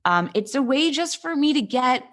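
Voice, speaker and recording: A woman from New York with a New York accent and vocal fry, a comedian chatting animatedly as an interview guest. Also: high voice, normal speed. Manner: animated, self-deprecating storytelling. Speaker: comedian and podcast host guest. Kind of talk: casual interview chat.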